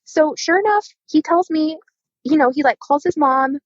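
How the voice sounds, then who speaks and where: A podcast guest in her thirties speaks in a high voice at normal speed, relating a dramatic personal story in casual chat and acting out the quoted dialogue with animation. Dry and muffled audio.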